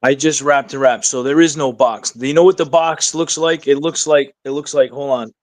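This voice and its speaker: A man's voice: medium pitch, fairly even intonation, normal speed. A man with a Massachusetts accent, a rapper guest in a casual interview, joking and laid-back as he rambles. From Massachusetts, USA.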